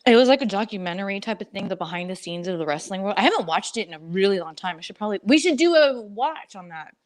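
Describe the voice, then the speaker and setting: A woman's voice: medium pitch, lively intonation, fast. A middle-aged woman co-hosting a casual chat show, talking in a rambling way and laughing often. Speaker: co-host.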